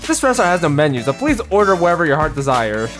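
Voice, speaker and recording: A reader voicing a polite, refined young female school leader while reading a game story aloud, with formal, gentle speech. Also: mid-range voice, big pitch swings, quick pace, music in the background, natural voice. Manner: courteous, formal, gentle hostess talk.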